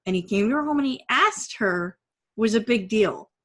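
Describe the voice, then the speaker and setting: A woman co-hosting a casual fan podcast, bubbly and quick to laugh. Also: fairly high pitch, lively intonation, a bit bright. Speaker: podcast co-host.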